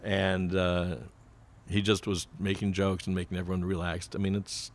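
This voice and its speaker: Low-voiced older man telling stories. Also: flat delivery, normal speed. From United States. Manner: rambling anecdotes, laughs often. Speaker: podcast guest, banjo player. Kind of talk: casual storytelling.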